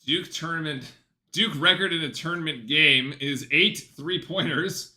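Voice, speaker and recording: A man at home giving casual, excitable live play-by-play commentary on a basketball game for his stream. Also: on the high side, a little slow. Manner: chatty, excitable, breaks off to talk softly to his dog.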